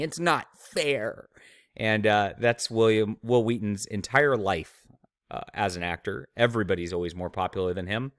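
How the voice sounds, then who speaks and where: A man's voice: on the low side, fairly bright tone, no room sound, studio quality. A man hosting his own channel, giving opinionated commentary with sneering, mocking asides. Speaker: channel host, author.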